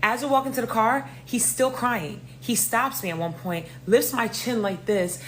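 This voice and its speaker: A woman telling a casual storytime, animated, swearing and dramatic. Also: fairly high pitch, normal speed, a little hiss or hum. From New York.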